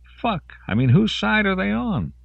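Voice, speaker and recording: A man voicing an agitated male soldier in an audiobook, muttering, then jumping high when he swears. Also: big pitch swings, a little slow, gravelly, breathy edge, no echo, phone-quality sound, exaggerated voice.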